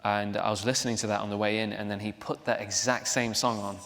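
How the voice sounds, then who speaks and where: A young man being interviewed on a stage, voice somewhat low and chatty, often laughing at himself. His voice rings through a large hall with a long reverb. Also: level tone, quick pace, a bit bright. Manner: chatty, laughing, self-deprecating, with restarts. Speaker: actor guest. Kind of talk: onstage interview. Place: large theater hall, live audience.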